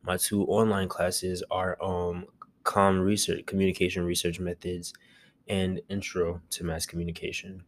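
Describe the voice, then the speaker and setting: A young man hosting a casual solo podcast from home, chatty and rambling, talking quietly so as not to be loud. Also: deep voice, flat delivery, a little slow, slight background noise. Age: young adult. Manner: chatty, rambling, self-amused. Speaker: podcast host.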